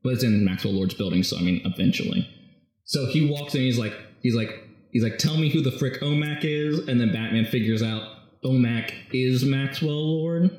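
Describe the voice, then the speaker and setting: A man in casual chat, animatedly retelling a comic story and slipping into quick quoted voices. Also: mid-range voice, a little mellow. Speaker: podcast co-host recapping a comic. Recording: echoey room.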